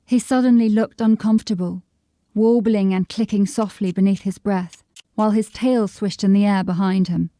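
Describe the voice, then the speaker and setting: Woman reading a fantasy audiobook, steady storyteller pace, warm mellow voice, dry close mic. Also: medium pitch, no room sound. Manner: measured, descriptive storytelling. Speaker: audiobook narrator. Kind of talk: scripted narration.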